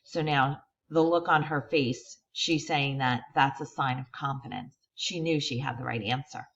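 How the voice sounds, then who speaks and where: A woman reading a children's picture book aloud, expressive and stopping to point out the pictures. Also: extremely low pitch, creaky, lo-fi sound. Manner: expressive reader who pauses to explain the pictures. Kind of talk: read-aloud storytime.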